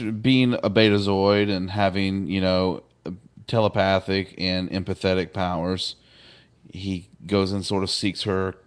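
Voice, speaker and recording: A man casually recapping a TV episode on a podcast, acting out lines with playful voices. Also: lowish voice. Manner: animated retelling with playful put-on voices. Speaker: podcast co-host.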